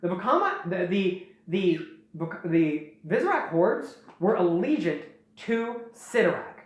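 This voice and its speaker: A woman's voice: lowish voice, big pitch swings, slow. Chatty woman host, jokey retelling, heavy room echo. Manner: rambling, jokey, lots of fillers and restarts. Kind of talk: casual retelling of a story. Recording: very echoey room.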